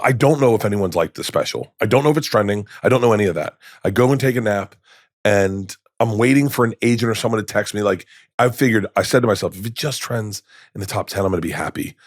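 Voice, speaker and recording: A man in his fifties, a comedian guest telling stories in a podcast interview, rambling and animated, acting out quoted lines with many restarts. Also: lowish voice, fast talker, no echo, studio quality. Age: 50s. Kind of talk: candid storytelling in conversation. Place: podcast studio.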